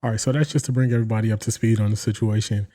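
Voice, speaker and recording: A man's voice: fairly low pitch, rapid-fire. An American man hosting a casual sports commentary show, talking straight to his viewers and acting out the quotes he breaks down. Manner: animated, acts out quotes, addresses viewers directly.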